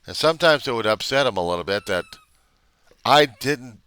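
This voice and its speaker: A recovery video diarist talks to his camera unscripted, in a confessional monologue that is blunt, profane, rambling and full of self-questioning. His medium-pitched voice is animated, sharp, clear and resonant, at normal speed. There's no room sound.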